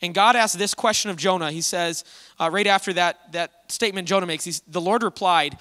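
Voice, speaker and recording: A male pastor with a high, bright voice delivers a casual, conversational sermon, telling the story with lively energy. His words ring out with a long hall reverb behind them. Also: a little fast.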